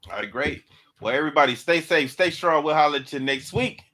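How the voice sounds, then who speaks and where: A man's voice: on the high side, brisk, sharp tone. A man hosting a casual podcast who stammers and repeats words as he starts a point. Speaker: podcast host running the board. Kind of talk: casual chat.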